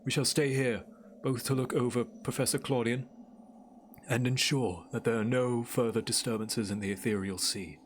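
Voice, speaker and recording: A man reading the lines of a calm, solemn male elder in a game, speaking softly and in a measured, consoling way. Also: mid-range voice, a little hiss or hum, natural voice.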